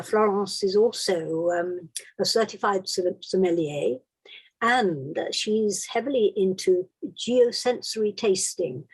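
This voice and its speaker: Husky-voiced woman host. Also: fairly low pitch, darkish tone, rough recording. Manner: hesitant, frequent ums. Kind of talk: introducing a guest.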